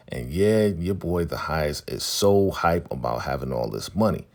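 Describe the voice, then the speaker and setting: A man's voice: extremely low pitch, expressive, moderate pace, creaky, few pauses, darkish tone. A man hosting a casual TV episode recap, chatty and slangy, laughing along as he retells scenes. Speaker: show recap host.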